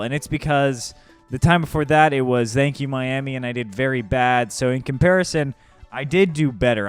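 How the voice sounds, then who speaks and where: A man's voice: on the high side, fairly bright tone, smooth. A man giving frank, self-critical voice-over commentary on his own comedy set.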